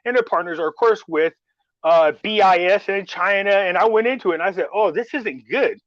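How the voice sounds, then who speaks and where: A man's voice: high-pitched, brisk, a bit bright, no echo, dull audio. A man chatting casually as host, rambling through a story and acting out what others said. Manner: rambling storyteller, acts out quoted dialogue. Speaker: show host. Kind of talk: casual chat.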